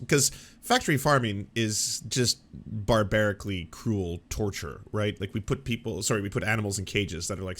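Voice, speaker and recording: A man's voice: on the low side, a bit bright. A man hosting casual political reaction commentary, rambling and sarcastic with many fillers and restarts, from Canada.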